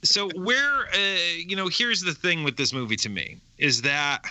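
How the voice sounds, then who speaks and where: Man, podcast co-host, very bright forceful voice, casual rambling movie talk, dry sound. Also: sits high, unhurried, clear, resonant tone, no room sound. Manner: rambling, restarts, lively emphasis. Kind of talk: casual movie review chat.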